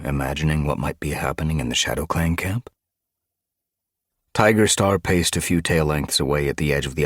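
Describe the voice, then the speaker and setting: A man reading an audiobook in steady scripted narration. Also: a bass voice, breathy edge, no room sound, clean studio sound.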